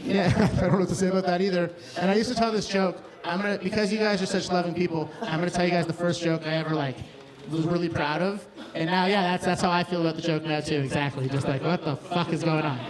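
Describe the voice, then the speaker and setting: In a live bar set, this comedian's high voice holds a steady tone and moves quickly. His material is rambling and crude, often broken off mid-sentence, while the crowd laughs in the background.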